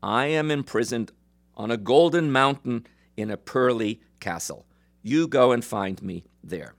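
A man voicing an imprisoned princess in a retold folk tale, firm and louder than his own voice. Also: mid-range voice, expressive, measured pace, gravelly, no echo. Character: captive young princess, commanding.

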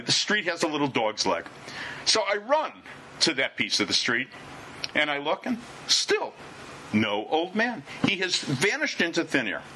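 Lively, bright-voiced man telling a story. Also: fairly high pitch, slight background noise. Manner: animated, wry and self-deprecating. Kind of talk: personal travel anecdote told to listeners.

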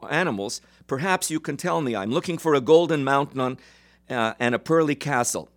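A man voicing a desperate viceroy in a retold folk tale, pleading in a raised, louder voice. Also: medium pitch, expressive, fairly quick, voice pushed up, lightly acted. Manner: pleading, tearful emphasis.

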